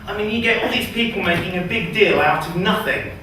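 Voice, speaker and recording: A man doing a first stand-up set in a small comedy club, nervous and hesitant with many pauses and ums. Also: sits high, noisy background. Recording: echoey room from far off.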